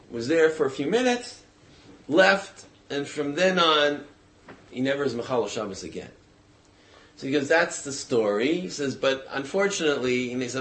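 Man, mid-pitched storyteller; loose, conversational retelling with frequent restarts and fillers. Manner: casual, halting, with many fillers and restarts.

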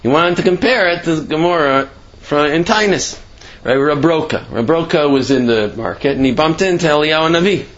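A man telling a Torah story in a casual lecture. He acts out the quotes sudden leaps in pitch and rushed asides. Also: slight background noise. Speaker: Torah class speaker. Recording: slightly dull lo-fi recording.

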